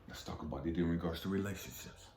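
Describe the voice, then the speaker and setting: A man's voice: deep voice, fast talker, a little mellow, slight background noise. A man giving an impassioned motivational monologue as a life coach, swearing often and hammering repeated rhetorical questions. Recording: echoey room with faint music.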